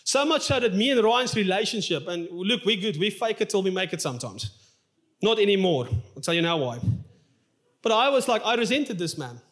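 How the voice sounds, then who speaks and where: A man's voice: sits high, animated, a little fast, a bit bright. A male pastor preaching a sermon in a church, telling a personal story in an open, emotional, confessional way.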